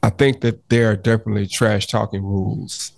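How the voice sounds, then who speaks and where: A man's voice: on the low side, fairly quick, gravelly, dry recording. A man co-hosting a podcast, arguing his point in casual chat, often restarting and cutting in to hold the floor. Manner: animated, restarts often, repeats "hold on" to cut in. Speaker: podcast co-host.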